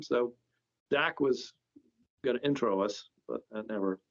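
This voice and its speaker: The company founder's medium-pitched voice has vocal fry and a normal pace. As a podcast guest he tells casual stories haltingly, rambling with many restarts, and the sound is dull and lo-fi.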